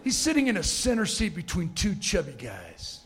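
A middle-aged man delivers a humorous motivational keynote from a conference stage, his high voice swooping wildly in pitch at a moderate pace. He tells stories with comic asides and acts out the people in them, quoting them in character. The background is noisy.

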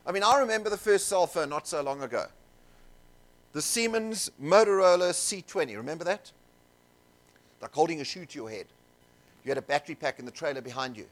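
A man telling stories to a seminar audience, animated and jokey, with asides to the crowd in a conference room. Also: fairly high pitch, a little fast, pauses often. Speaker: seminar speaker. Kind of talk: keynote storytelling to an audience.

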